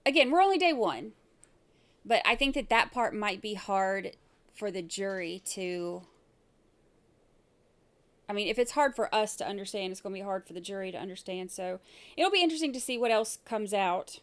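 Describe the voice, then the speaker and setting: A woman's voice: medium pitch, expressive, moderate pace. Chatty woman hosting live trial commentary. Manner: chatty, rambling, with many fillers. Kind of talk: casual livestream commentary.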